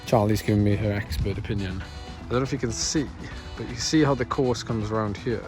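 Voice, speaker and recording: A man's voice: lowish voice, a little fast, over music. A man talking to camera in a casual, jokey, self-deprecating way, outdoors at a muddy race course. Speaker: vlogger and amateur cyclocross racer. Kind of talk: casual vlog chat to camera.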